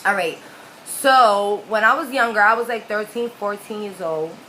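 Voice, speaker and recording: Needs a young woman, chatty storyteller, loose and profane, bright tone. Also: medium pitch, normal speed, a little hiss or hum, rough recording. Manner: chatty, profane, full of fillers. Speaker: vlogger. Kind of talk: casual storytime vlog.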